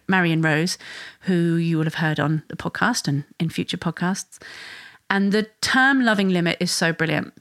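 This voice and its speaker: Woman podcast host, conversational, acts out little quoted voices, dry close mic. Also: dry recording. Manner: conversational, acts out parent and child voices with rising pitch. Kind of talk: solo podcast explanation.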